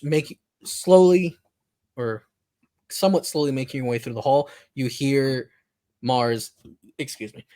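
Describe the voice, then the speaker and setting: Laid-back male game master narrating. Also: medium pitch. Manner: relaxed, halting narration with fillers and laughs. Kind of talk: casual tabletop game narration.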